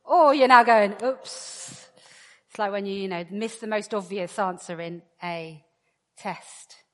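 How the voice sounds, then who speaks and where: A woman giving an interactive sermon to her congregation. She jokes with the crowd, then slows right down to press her points. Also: medium pitch. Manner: playful and joking with the crowd, then slow and emphatic. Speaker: preacher. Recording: long hall reverb.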